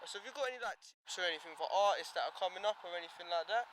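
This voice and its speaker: A man's voice: high voice, animated, rapid-fire, a bit bright, slight background noise. A man with an Essex English accent interviewing a rapper outdoors, hesitant and slangy with many fillers. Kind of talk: casual interview chat.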